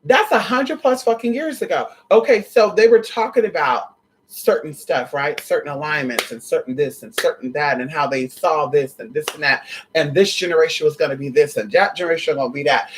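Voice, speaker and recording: A spiritual vlogger talking casually and excitedly to viewers, swearing often and rambling with many restarts. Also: medium pitch, brisk, slight background noise, low-quality recording. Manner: profane, excitable, addresses viewers as y'all and honey.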